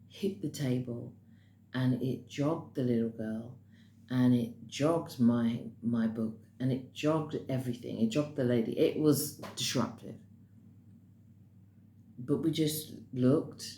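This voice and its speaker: A woman with an exceptionally low, mellow voice tells the story of a dream in a casual, unscripted way, now and then pushing into emphatic bursts. The sound is roomy and echoey, with a faint hiss of noise underneath. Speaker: spiritual dream-message host.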